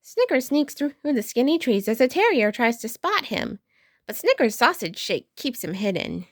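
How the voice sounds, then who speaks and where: A woman reads a children's storybook aloud in a high voice, her narration swinging widely up and down. The sound is dry and close, with no room echo. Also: moderate pace. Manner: expressive read-aloud narration. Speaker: storybook reader.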